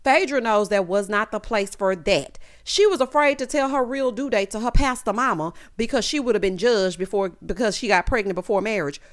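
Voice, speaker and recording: A woman's voice: medium pitch, animated, fairly quick, few pauses. A woman hosting a casual reality TV recap, telling it with sassy, dramatic flair and lots of 'honey' and 'child'.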